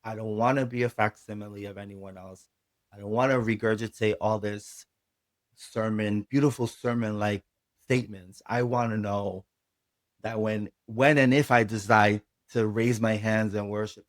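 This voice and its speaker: A man's voice: fairly low pitch, little pitch movement, normal speed, dry recording. A reverend, a man whose first language is Spanish, telling his own story in an interview, earnest and emotional, acting out his past words. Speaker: guest, reverend.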